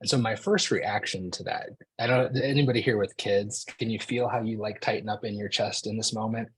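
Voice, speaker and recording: Low-voiced man telling a story casually. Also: fairly even intonation, a little fast, breathy edge, dry recording, rough recording. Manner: casual, conversational, frequent "like" and "right?". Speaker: speaker. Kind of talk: storytelling talk to an audience.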